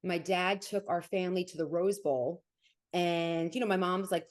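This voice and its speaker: A woman with a New Jersey accent talks quickly and lively as a guest in a casual interview. Her voice sits slightly low for a woman, and she sounds like someone in her forties. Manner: fast-talking and animated. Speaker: sports broadcaster guest.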